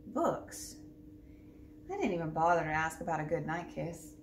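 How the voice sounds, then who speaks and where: A woman librarian reading a picture book aloud for a children's storytime, with lively, expressive narration. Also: sits low, fast. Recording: roomy echo, distant mic, faint background hum.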